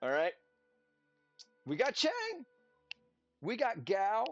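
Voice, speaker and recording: A man's voice: sits high, very animated, takes it slowly, pauses often, no echo. A man giving casual, chatty gameplay commentary, sarcastic and slipping into playful silly voices. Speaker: game streamer. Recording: dull lo-fi audio with music. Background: faint background music.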